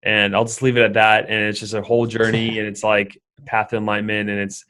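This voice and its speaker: A man's voice: fairly low pitch, monotone, quick pace, a bit bright. A young man, a guest in a casual conversation, rambling with lots of fillers and restarts. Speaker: podcast guest.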